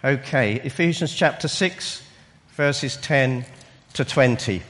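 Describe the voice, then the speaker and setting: A man preaching a sermon in a church, slow and emphatic, with halting restarts. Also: mid-range voice, fairly bright tone. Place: church hall. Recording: long reverb in a hall.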